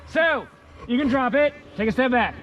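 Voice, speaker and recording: A male science teacher giving a playful, energetic hands-on lesson outdoors in the snow, repeating key words. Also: extremely high pitch, normal speed, muffled recording, soft background music.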